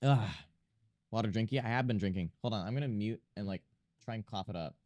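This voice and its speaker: A young man with a low voice chats loosely on stream, drifting between comments to himself and his viewers. He pokes fun at himself as he goes. The sound is close and dry, with no room around it. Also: a little fast, darkish tone, dry recording, highs cut off. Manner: rambling, self-mocking, talks to himself and chat. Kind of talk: casual chat while drawing on stream.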